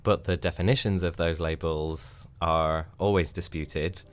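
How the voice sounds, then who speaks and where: A man hosting a podcast, narrating from a script in a measured, explanatory way. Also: low voice, steady tone. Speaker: podcast host.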